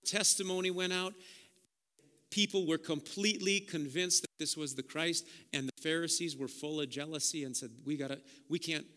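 A man preaching a sermon as pastor, impassioned and building to loud peaks, then turning soft and prayerful in an altar call. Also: fairly high pitch. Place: church sanctuary with long reverb. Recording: reverberant church hall.

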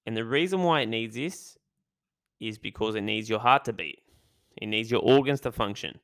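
Energetic male podcast host with a smooth, clear voice, recorded dry and close. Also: fairly low pitch, normal speed, dry recording. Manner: hyped, energetic, chatty. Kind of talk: casual podcast monologue.

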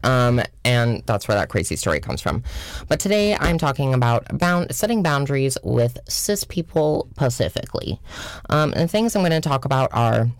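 Here a young adult woman vlogger from Washington State speaks at normal speed in a bass voice with big pitch swings, no echo. She tells a chatty, profane storytime full of filler words, especially "like," and puts on mocking voices for quotes.

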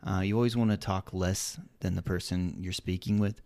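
Gravelly, dry-voiced Southern man. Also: low voice, steady tone, normal speed, a little mellow, dry recording. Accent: Southern American. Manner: rambling, many fillers. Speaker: podcast co-host. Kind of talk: casual podcast chat.

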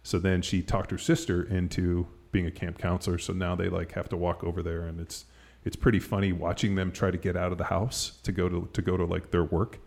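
Here a middle-aged man hosts a podcast in a deep, creaky, darkish voice, level in tone and a little fast. His rambling, casual talk is thick with "like" and "you know," and he's quick to laugh.

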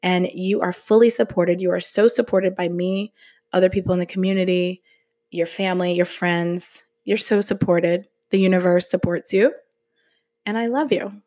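Woman podcast host, motivational, slow and earnest, casual delivery. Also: lowish voice, fairly even intonation, a little mellow.

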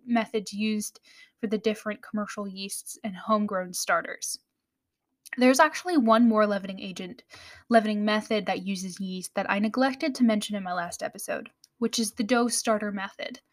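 An American woman hosting a podcast, explaining baking in a friendly way with small laughs and self-corrections. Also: medium pitch. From United States. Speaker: podcast host. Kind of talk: scripted podcast narration.

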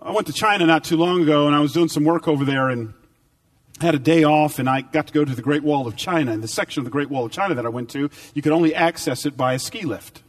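A man preaching a sermon with emphatic repetition, swinging between loud, high bursts and low, quiet stretches. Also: fast talker, far from the mic. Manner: dynamic, emphatic repetition with big swings in pitch and volume.

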